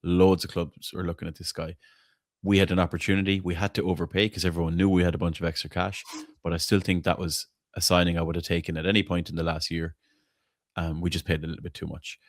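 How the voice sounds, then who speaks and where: A man's voice: low voice, flat delivery, fast talker, no room sound, clean studio sound. A man hosting a casual football fan chat, blunt and opinionated, swearing freely and tripping over repeated words as he argues his point. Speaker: podcast host.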